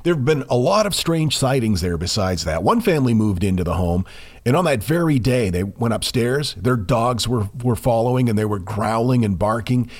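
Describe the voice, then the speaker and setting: A man co-hosting a podcast, telling a ghost story in a measured way with dramatic pauses. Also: mid-range voice, animated. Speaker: podcast co-host.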